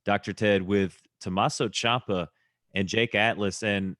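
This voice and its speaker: A man's voice: lowish voice, steady tone, measured pace, a bit bright, no echo, studio quality. A man co-hosting a podcast, recapping segments in a laid-back, amused way. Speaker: podcast co-host, wrestling reviewer. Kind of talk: casual podcast review chat.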